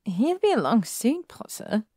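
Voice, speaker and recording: A woman voicing a teasing, doting teenage witch girl in a drawn-out, fond voice, read from a story. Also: a little high, big pitch swings, mellow, dry recording, clean studio sound, pitched above the performer's own voice.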